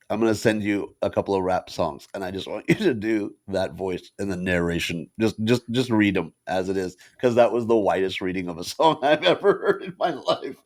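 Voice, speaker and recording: A man co-hosting a podcast in casual chat, telling stories and laughing often. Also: fairly low pitch. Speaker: podcast co-host.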